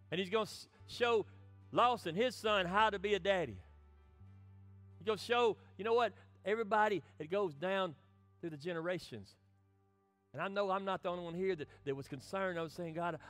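A middle-aged pastor preaches in a fairly high voice, rising to impassioned lines and dropping to near-hushed ones. The sound is dry and close, with faint music underneath. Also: male voice, no room sound. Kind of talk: sermon.

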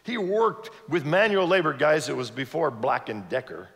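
A man who grew up in Ivory Coast, preaching a sermon with animated storytelling and questions to the audience. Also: fairly high pitch, moderate pace. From Ivory Coast, West Africa. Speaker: guest preacher. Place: church sanctuary. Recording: long church reverb.

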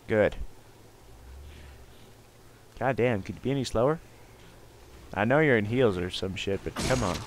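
A young man giving joking let's play commentary, swearing often and bursting into shouts. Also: fairly low pitch, normal speed, long pauses. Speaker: gamer.

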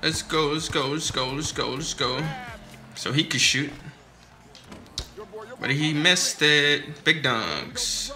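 Bright-voiced young man gaming, trash talking. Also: on the high side, animated, slow, long pauses, soft background music. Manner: heated, profane trash talk to teammates. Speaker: gamer streaming his own matches. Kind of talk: casual gameplay commentary.

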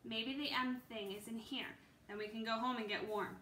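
Bold, eager little girl, read by a woman, bright tone, roomy sound. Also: fairly high pitch, steady tone, moderate pace, a little hiss or hum. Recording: roomy with faint ambience.

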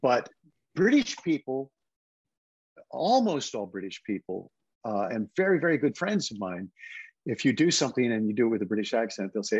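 An older man, husky and close to the mic with no room sound, tells stories in an easy interview. He drops into quick impressions when quoting people. The call audio is dull and lo-fi. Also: medium pitch, sing-song, dry recording. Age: 70s. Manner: anecdotal, slips into put-on voices for quotes. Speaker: guest actor. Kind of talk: casual interview storytelling.

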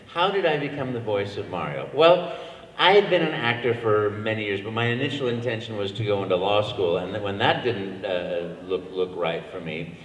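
An older man, a voice actor, telling a long, animated story on a convention panel, with frequent restarts. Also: lowish voice, moderate pace. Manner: animated, rambling anecdotes with restarts. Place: large convention hall. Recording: echoey convention hall, mic from far.

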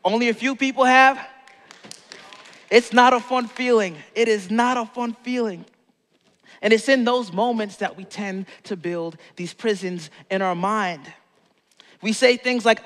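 A man's voice: high-pitched, a little slow, a bit bright, long reverb tail. A man preaching a sermon as pastor, telling a story playfully and acting out the quotes.

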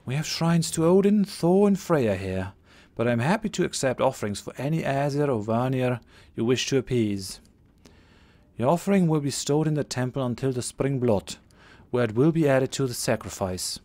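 A man's voice: medium pitch, expressive, moderate pace, darkish tone, lightly acted. A man voicing a young female temple priestess in a role-playing game, polite and distant.

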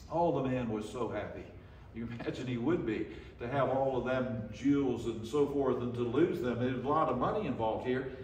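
A man's voice: medium pitch, a little mellow, a little hiss or hum. An older man preaching a sermon in a church, telling stories in a folksy way with frequent restarts. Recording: echoey church room, from far off.

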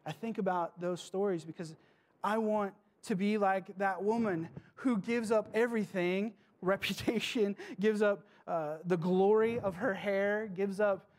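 A man preaching a sermon to his church, passionate, with dramatic pauses and questions to the congregation. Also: sits high, steady tone. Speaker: pastor.

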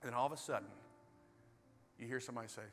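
A man preaching a sermon as pastor, animated, swinging between loud bursts and hushed storytelling. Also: mid-range voice, quick pace, a little hiss or hum. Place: large church hall. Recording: reverberant hall with soft music.

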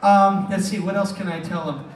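A man's voice: high voice, steady tone, moderate pace. A man working as a stage hypnotist, joking and bantering through his live comedy show in a casino showroom. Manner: brash, joking showman patter. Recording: echoey room from far off, crowd.

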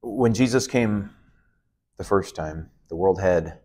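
A man's voice: sits low, slow pace, warm tone, slight background noise. A middle-aged man teaching a Bible lesson as a pastor, preaching emphatically with repeated, building phrases and the odd "uh". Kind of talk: expository sermon.

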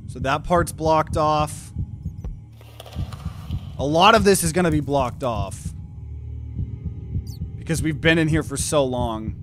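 A man's voice: a little high, slow pace, pauses often, over music. A young man giving tense play-by-play commentary as he plays a video game. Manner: tense whispery play-by-play, bursts into yelling. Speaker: gaming YouTuber. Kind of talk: live gameplay commentary.

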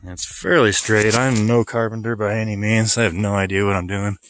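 A man's voice: on the low side, normal speed, a little hiss or hum. A man casually showing his building project outdoors, a little out of breath, rambling and joking about himself. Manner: relaxed, self-deprecating, rambling. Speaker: vlogger builder. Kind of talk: casual walkthrough vlog.

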